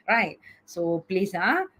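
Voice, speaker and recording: A woman's voice: mid-range voice, lively intonation, drawn-out words, fairly bright tone, breathy edge. A middle-aged woman teaching an online class over a video call, coaxing students and checking in with "okay?" after nearly every point. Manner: repeats "okay?" often, coaxing. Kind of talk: online lecture.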